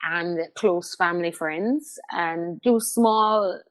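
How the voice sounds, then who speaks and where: A woman's voice: lowish voice, slow pace. A woman from Jamaica with a Jamaican accent, a podcast guest talking candidly and emphatically in conversation, often repeating words for emphasis.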